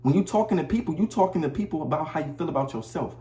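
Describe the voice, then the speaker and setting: A man's voice: fairly high pitch, expressive, racing, dark tone, reverberant. A man giving blunt, preachy relationship advice to the camera in a casual monologue, talking in slang and often repeating himself. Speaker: vlogger. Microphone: camera mic.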